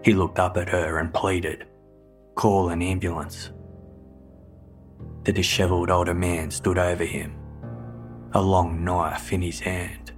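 Low flat-voiced male narrator. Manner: low, flat, measured delivery. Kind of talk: scripted true-crime narration. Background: faint music.

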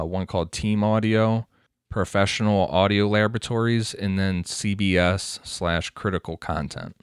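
A man co-hosting a casual true-crime podcast, reading quoted reports aloud in a measured, steady way. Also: fairly low pitch, clear, resonant tone, dry recording, studio quality. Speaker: podcast co-host.

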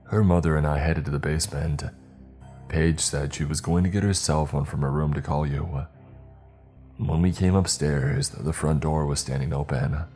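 A man voicing a grieving middle-aged father who speaks in a wavering, broken monotone. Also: moderate pace, soft background music. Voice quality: wavering baritone.

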